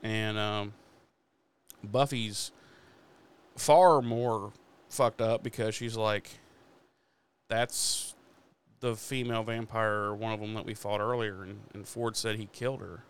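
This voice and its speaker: Smooth-voiced man recapping casually. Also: fairly low pitch, steady tone, slow pace. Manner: swears freely while retelling episode scenes. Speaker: podcast host.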